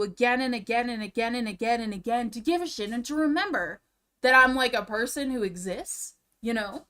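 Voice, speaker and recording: A woman's voice: a little high, a little fast, bright, forceful tone. A young woman streamer ranting in a casual, profane, exasperated way, repeating herself as she talks from a room at home. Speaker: streamer reacting to drama videos.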